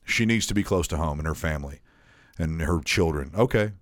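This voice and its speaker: A man's voice: rumbling low, a little fast, dry recording, clean studio sound. A man co-hosting a podcast, telling a story in casual chat, swearing freely and restarting often. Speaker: podcast co-host.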